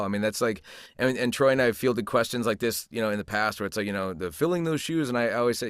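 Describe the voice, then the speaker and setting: A man's voice: medium pitch, fast, fairly bright tone, clean tone, no room sound, clean studio sound. A middle-aged man, a voice actor talking as an interview guest, humble and reflective, rambling with many restarts. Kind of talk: casual interview chat.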